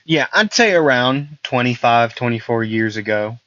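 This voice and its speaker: A man's voice: mid-range voice, lively intonation, normal speed, a bit bright, no room sound, highs cut off. A man improvising a fan story, rambling and correcting himself with lots of fillers.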